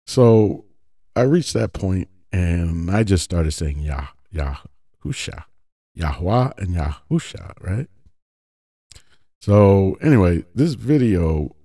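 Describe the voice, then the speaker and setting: A man's voice: low voice, animated, slow pace, warm tone, no echo, studio quality. A man giving a casual religious teaching talk, conversational, often checking in with his listeners. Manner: conversational, often asks "right?".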